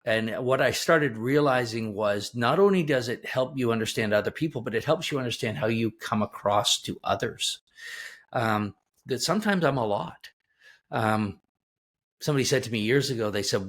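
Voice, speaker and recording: A man's voice: medium pitch, a little fast. Middle-aged male guest, executive coach, emphatic storyteller with frequent restarts. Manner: emphatic, animated anecdotes with many restarts. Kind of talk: conversational storytelling.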